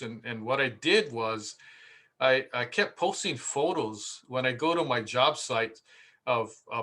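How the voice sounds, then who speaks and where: Speaking in a mid-range, bright voice with a forceful edge, a man who works as a contractor shares marketing tips through anecdotes. The talk is casual and chatty, loaded with fillers and repeated phrases.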